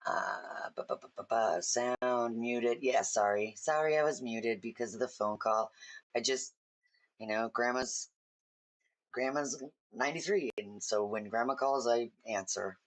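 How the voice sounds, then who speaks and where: A woman's voice: very deep voice, measured pace. A woman hosting a casual livestream from home, chatting in a rambling, friendly way to viewers while she colors. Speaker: livestream host.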